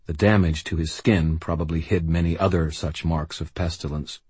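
A man reading a first-person audiobook in a grim, steady way. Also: a bass voice, moderate pace, slightly rough, no room sound. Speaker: audiobook narrator.

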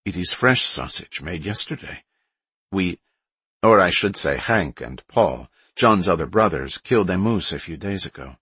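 A composed woman survivor speaking in a measured, formal way, as a male narrator reads her. He barely shifts his deep, husky voice for her. The read is dry and close. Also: lively intonation, pushed and bright, dry recording, exaggerated voice. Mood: explaining.

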